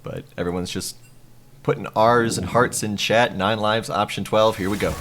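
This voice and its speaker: A man's voice: on the low side, steady tone, normal speed, fairly bright tone, a little hiss or hum. A man opening an esports broadcast as caster, introducing each member of the crew with announcer energy. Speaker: play-by-play caster.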